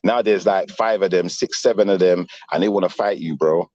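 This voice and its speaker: A deep-voiced middle-aged man tells a story in loose street slang, peppered with tag questions. His voice sounds close and dry, and the stream audio is dull and lo-fi. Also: moderate pace, darkish tone, no room sound. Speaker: panel guest. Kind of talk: casual storytelling.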